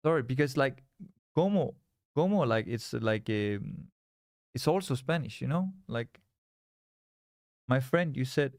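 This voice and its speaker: A man's voice: mid-range voice, expressive, a little slow, pauses often, darkish tone, no room sound, clean studio sound. A young man from Scandinavia, chatting casually on a live trading stream, rambling and restarting his sentences. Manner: rambling, repeats words and restarts, reads chat aloud.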